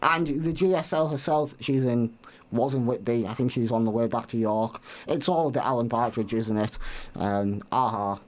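A man hosting a casual radio show in a studio, joking and often restarting his sentences. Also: mid-range voice. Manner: hesitant, halting restarts with dry jokes. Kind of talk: casual student radio chat.

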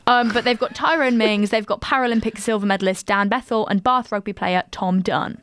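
A young woman with a southern English accent, co-hosting a casual chat and teasing her friend with quick jokes. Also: a little high, fairly bright tone, a little hiss or hum. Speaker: podcast co-host.

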